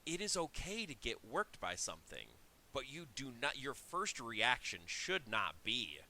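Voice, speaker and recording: A man's voice: mid-range voice, big pitch swings, measured pace, sharp tone. A man co-hosting a wrestling podcast, telling a story in a chatty way with restarts. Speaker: podcast co-host. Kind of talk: casual chat.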